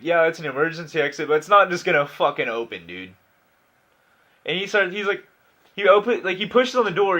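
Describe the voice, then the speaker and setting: A man's voice: a little high, a bit bright. A nineteen-year-old man telling a story in a casual, rambling way, with lots of swearing, fillers and restarts.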